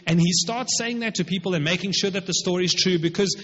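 Husky-voiced preacher in an echoing hall. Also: male voice, high voice, a little fast, fairly bright tone. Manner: conversational, explaining with asides. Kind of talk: sermon, retelling a scripture passage. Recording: reverberant hall, dull lo-fi sound.

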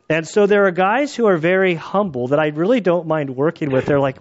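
Male Bible teacher, relaxed and chatty, slightly higher voice, muffled recording. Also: brisk, few pauses. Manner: conversational, acts out quotes with laughs.

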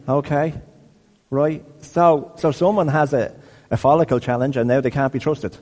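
This is a conversational, sermon-style teaching talk from a man in his fifties who often asks his audience questions. His medium-pitched voice is a little mellow and moves at normal speed, heard in long hall reverb.

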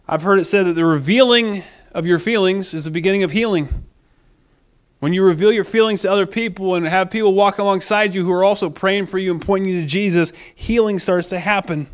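A man preaches a sermon with a high voice for a man. He is emphatic and repeats phrases for weight, slipping into quoted voices as he goes. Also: moderate pace, clear, resonant tone. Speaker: pastor.

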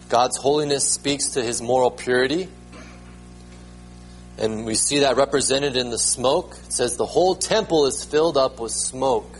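A man's voice: medium pitch, a little slow, faint music behind, poor audio. A man preaching a sermon as pastor, emphatic, repeating words and rising sharply when he proclaims them.

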